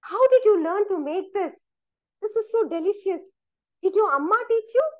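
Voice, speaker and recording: A lonely young postmaster, eager and delighted, talks in a high, lively way with a lilt, as a woman storyteller puts him on. The sound is dry and thin, like a phone-line call. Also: a little slow.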